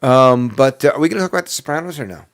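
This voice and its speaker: A man with a New Jersey accent co-hosts a casual podcast, bantering, joking, and dropping into mock voices. His voice is medium in pitch, expressive, and rapid-fire.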